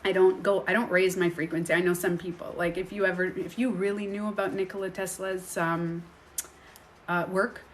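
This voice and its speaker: A woman's voice: lowish voice, flat delivery, moderate pace, a little hiss or hum. A woman coach talking straight to the viewer in a chatty, rambling way, now and then acting out other people's voices. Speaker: self-projection coach. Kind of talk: casual direct-to-camera monologue.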